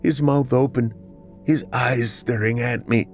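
A man narrating a dramatic story in the first person, with expressive, emotional delivery. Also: medium pitch, unhurried, soft background music.

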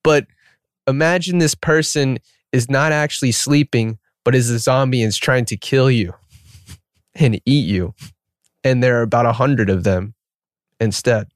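Man, podcast co-host, casual film chat, animated storyteller, dry close sound. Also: medium pitch, a little slow, pauses often, no echo. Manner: animated storyteller, acts out scenes.

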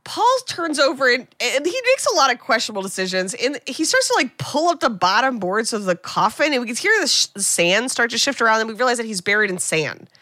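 Woman podcast co-host, bright voice, dry close mic, chatty movie recap. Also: on the high side, sing-song, fairly quick, hardly any pauses, no echo. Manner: chatty, retells scenes with voiced quotes. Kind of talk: casual comedic movie recap.

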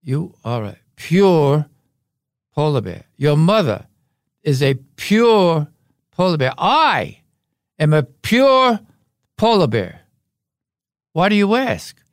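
An older man voicing a proud father polar bear who speaks slowly and with swelling emphasis. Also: on the high side, very animated, no echo, clean studio sound, exaggerated voice.

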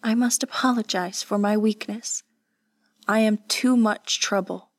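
A woman's voice: mid-range voice, fairly even intonation, unhurried, no echo, clean studio sound, close to an everyday voice. A woman voicing a steadfast, caring young woman, speaking earnestly and urgently. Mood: apologetic.

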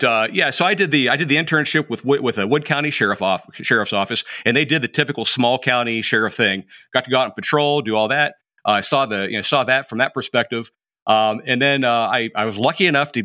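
Fast-talking middle-aged man, rambling storyteller. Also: mid-range voice, no echo, lo-fi sound. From Appalachian edge of Pennsylvania. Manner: rambling, self-correcting, animated storyteller. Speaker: podcast guest, retired drug agent. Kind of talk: casual storytelling interview.

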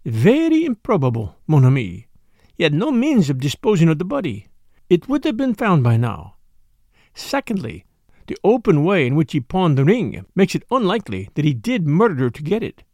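A man's voice: fairly high pitch, huge pitch swings, normal speed, a little mellow, no echo, exaggerated voice. Man putting on a fussy older detective, lilting delivery, dry close sound. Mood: calm reasoning. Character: precise, fussy older male detective, calm and clever.

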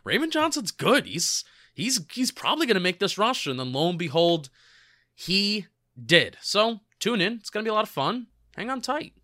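Young guy cohosting a sports pod, higher bright voice, bouncy pitch. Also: moderate pace, no echo, clean studio sound. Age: young adult. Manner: animated, bright, reads sponsor plugs. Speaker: podcast co-host. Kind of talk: casual sports podcast chat.

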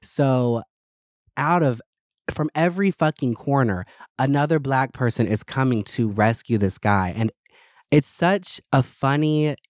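A man's voice: mid-range voice, unhurried, no echo, clean studio sound. A man hosting his own podcast, chatting casually in a gossipy, sassy and profane way. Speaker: podcast host. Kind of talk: casual solo podcast chat.

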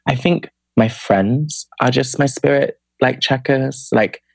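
A young adult guest chats on a podcast in a casual storytelling way. The voice sits at a middle pitch, and the speaker keeps dropping in "like" while acting out friends' replies. The sound is close and dry. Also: steady tone, slow, vocal fry, no room sound. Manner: chatty, fills speech with "like", acts out quoted friends. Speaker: podcast guest, spoken word poet.

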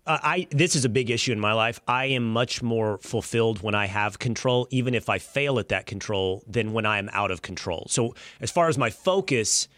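A man hosting a podcast, speaking in a casual, halting way with many restarts. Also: on the low side, fairly bright tone, dry recording, clean studio sound. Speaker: podcast host. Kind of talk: casual interview chat.

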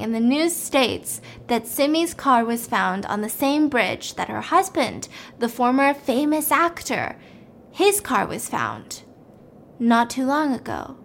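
A woman's voice: fairly high pitch, slight background noise. A young woman casually retelling a film plot, acting out the characters' lines with voices and dropping to a whisper for the menacing ones. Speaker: storyteller recapping a film plot. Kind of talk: animated casual plot recap.

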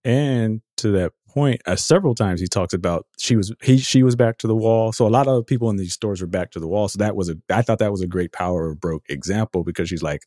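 A man with a very low, mellow voice talks through a book in a loose, rambling way, often stopping to correct himself. The sound is dry and close, with no room around it. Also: fast talker, few pauses, no room sound. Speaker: podcast guest, author. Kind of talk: casual podcast chat.

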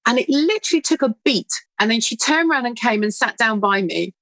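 A middle-aged woman, a guest telling stories in an earnest, animated way. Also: on the high side, fairly quick, dry recording. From United Kingdom. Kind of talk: conversational interview answer.

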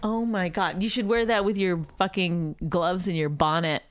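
A woman's voice: lowish voice, steady tone, moderate pace, clear, resonant tone, dry recording. A woman with a New York accent co-hosting a podcast, teasing and incredulous, swearing freely in casual banter. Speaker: podcast co-host.

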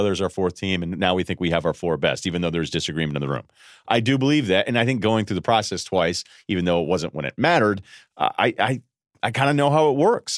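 Sarcastic sports podcast host, dry sound. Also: male voice, mid-range voice, dry recording. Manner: animated, sarcastic, mimics people in voices. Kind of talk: solo sports commentary monologue.

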